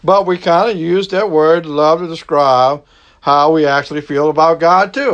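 A middle-aged man with a Southern Cajun accent, preaching a sermon in a slow, folksy way and stretching out his key words. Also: a little high, animated, fairly bright tone. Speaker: pastor.

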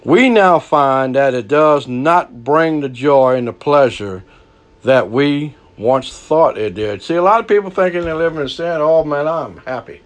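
A man preaching a sermon, folksy and lively, swinging from hushed lows to loud highs. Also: a little slow.

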